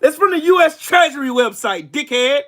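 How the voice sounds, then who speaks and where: Taunting, high-voiced trash-talking man. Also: expressive, moderate pace, fairly bright tone. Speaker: livestream host. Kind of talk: heated political rant.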